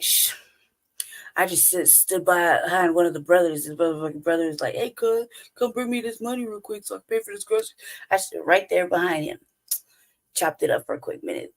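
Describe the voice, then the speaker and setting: A woman's voice: on the low side, creaky, darkish tone, low-quality recording. A woman in her forties telling stories in a blunt, profane, casual rant, laughing often as she goes. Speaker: podcast co-host.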